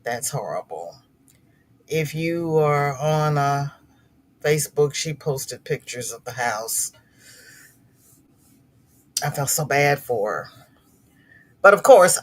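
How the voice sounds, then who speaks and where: A woman's voice: low-pitched, a bit bright. A middle-aged woman hosting a crochet livestream, chatting casually with viewers and reading their comments, sympathetic and prone to repeating words.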